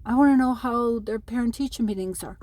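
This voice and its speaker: The voice is a woman's, on the high side and a little mellow, moving fairly quickly with no room sound. She's a middle-aged Irish mother at home in New Mexico, talking to camera about custody and making an aggrieved, pleading, emotional appeal to her sons.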